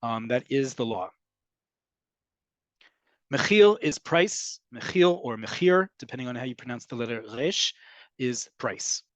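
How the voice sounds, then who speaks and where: A man teaching a casual online Hebrew class, explaining words slowly and acting out tones of voice. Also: mid-range voice, lively intonation, dry recording, lo-fi sound.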